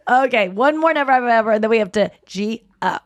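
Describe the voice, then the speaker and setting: A woman's voice: fairly high pitch, fast talker, dry recording, highs cut off. A woman hosting a podcast, chatting casually and laughing often as she tells stories. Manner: giggly, animated storyteller. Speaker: podcast host. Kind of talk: casual chat.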